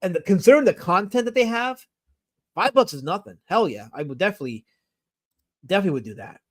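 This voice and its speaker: A man's voice: high-pitched, lively intonation, quick pace. A man hosting a casual live stream, reading viewer comments and rambling enthusiastically with fillers and self-corrections. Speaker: streamer host.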